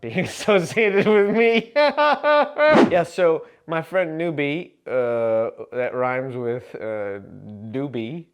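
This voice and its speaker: A man vlogging to camera in a rambling, absurd comic monologue full of fillers and deadpan jokes. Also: medium pitch, clean tone.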